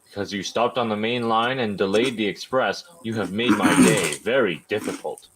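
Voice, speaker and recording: A man's voice: lowish voice, normal speed, very noisy, close to an everyday voice. A man voicing a stern, commanding male railway controller in a storybook reading. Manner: stern, clipped.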